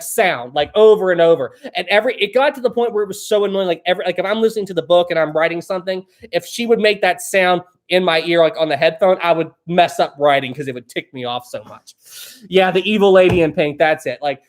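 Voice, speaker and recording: Chatty, rambling male livestream host. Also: a little high. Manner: rambling and chatty, often laughing. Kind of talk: casual live-stream chat, reading viewer questions.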